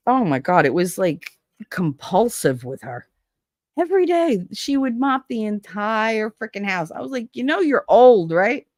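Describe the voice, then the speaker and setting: A middle-aged woman hosts a livestream in a medium-pitched voice, chatting casually with viewers and telling stories with swearing and laughter. The sound is studio quality with no echo.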